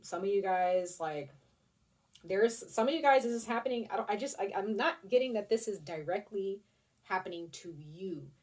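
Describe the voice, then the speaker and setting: A woman's voice: mid-range voice, lively intonation, moderate pace, a little mellow, far from the mic. A woman giving a casual tarot reading to her viewers, chatty and rambling, with restarts and casual swearing. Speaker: tarot reader.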